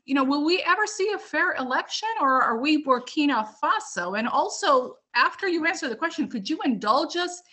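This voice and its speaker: A woman calling in with a question, speaking slowly and emphatically. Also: high voice, animated, pushed and bright. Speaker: caller. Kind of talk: asking a question on a call-in.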